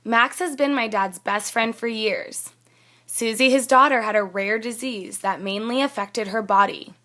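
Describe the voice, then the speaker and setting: Patient woman teacher, fairly high voice. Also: unhurried, bright, forceful tone. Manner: reads a student's text aloud, then comments plainly and patiently. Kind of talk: classroom demonstration of peer editing.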